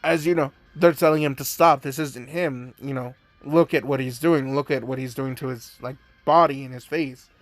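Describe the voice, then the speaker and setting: A man's voice: mid-range voice, fairly even intonation, normal speed, hardly any pauses, dry recording, soft background music. A man casually narrating a fan-made story, rambling with many fillers. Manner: rambling, heavy use of "you know" and "like".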